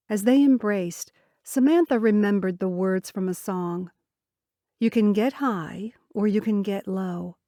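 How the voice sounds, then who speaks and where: A woman narrating an audiobook in a gentle, measured storytelling manner. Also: medium pitch, no room sound, studio quality. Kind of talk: scripted narration.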